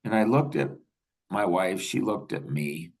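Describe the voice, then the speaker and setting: A man's voice: low voice, expressive, unhurried, creaky, distant mic, poor audio. An older man hosting a podcast, telling rambling anecdotes in casual chat and chuckling often. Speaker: podcast host.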